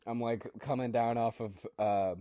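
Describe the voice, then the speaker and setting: A man co-hosting in casual chat, hoarse with a dry throat from a cold, self-mocking. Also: medium pitch, fairly even intonation, moderate pace, mellow. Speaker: co-host reading a story.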